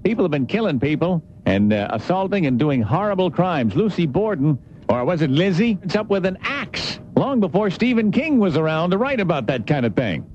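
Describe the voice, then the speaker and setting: A male morning radio host talks with callers and fires off rhetorical questions. His voice sits a bit high and moves around a lot. The recording sounds dull and lo-fi. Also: big pitch swings, a little fast, few pauses, a little mellow, a little hiss or hum. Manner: rambling, emphatic, rhetorical questions. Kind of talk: call-in radio talk.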